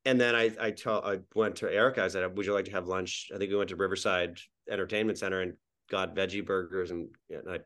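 A man from New Brunswick with a very deep, low voice talks as a podcast guest about his sitcom. He rambles along, restarting sentences and repeating words as he goes. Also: steady tone, fast, fairly bright tone. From Miramichi, New Brunswick, Canada. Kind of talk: casual podcast interview.

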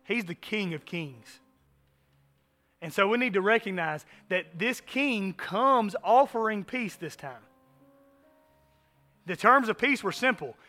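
A man preaching a sermon as pastor, animated, swinging from loud emphasis to hushed asides. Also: high voice, slow, long pauses, soft background music.

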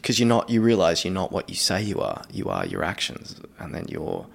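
A man talks in a relaxed, expletive-heavy chat, often breaking into laughter. His voice sits low with a gravelly fry. His pitch swings widely as he gets animated. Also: brisk. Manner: swearing, laughing a lot, animated. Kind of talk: casual chat.

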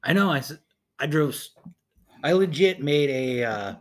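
A man's voice: a little high, lively intonation, normal speed. A young man co-hosting a podcast, telling stories in a laid-back way with a lot of swearing. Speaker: podcast co-host. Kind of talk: casual chat, telling stories.

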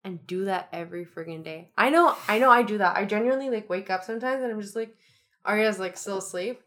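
A woman's voice: medium pitch, fast talker, a bit bright. Chatty upbeat young woman. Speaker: podcast co-host. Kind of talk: casual chat.

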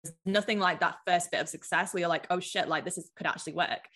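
A woman's voice: on the low side, quick pace, noisy background. A woman from the United Kingdom, a business mentor chatting casually as a podcast guest, filling her talk with "like". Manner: chatty, lots of filler "like".

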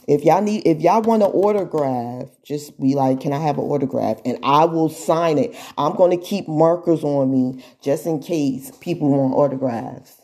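A woman addresses her viewers in a loose, animated monologue. Her voice sits low and husky with a mellow, dark tone. She laughs often and slips into mocking imitations of what other people will say. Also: moderate pace, hardly any pauses. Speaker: social media influencer.

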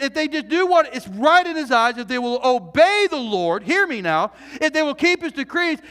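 A male pastor delivering an earnest, animated sermon, full of repeated phrases and questions put to the congregation. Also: extremely high pitch. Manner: earnest, animated preaching with repetitions and rhetorical questions. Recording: reverberant hall.

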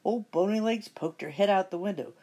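A middle-aged woman reading a children's picture book aloud with expressive storytelling. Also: mid-range voice, brisk, husky. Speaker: storybook reader.

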